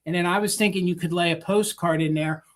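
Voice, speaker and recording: A woman co-hosting a live vintage sale, pitching items in a chatty way with filler words and counting down bids. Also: steady tone, fast. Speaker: live sale co-host and seller.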